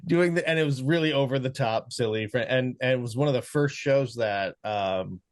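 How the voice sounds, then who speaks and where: A man's voice: medium pitch, moderate pace, no echo, studio quality. A middle-aged man co-hosting a movie podcast, speaking hesitantly with many uhs and ums. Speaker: podcast co-host. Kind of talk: casual chat about movies.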